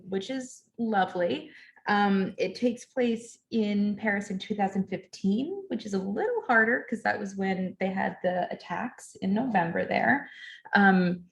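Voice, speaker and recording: A woman on the library staff chats about a book in a relaxed, conversational way. She talks at an everyday pitch, filling her sentences with ums and likes. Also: gravelly. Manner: chatty, many ums and fillers. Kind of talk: casual book talk. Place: library event, recorded online.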